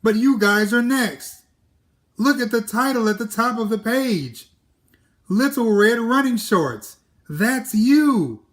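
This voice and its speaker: A man voicing cocky Jack in a children's storybook reading, talking fast and brashly. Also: on the high side, sing-song. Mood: protesting. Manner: brash, quick and fussy. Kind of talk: children's storybook read-aloud.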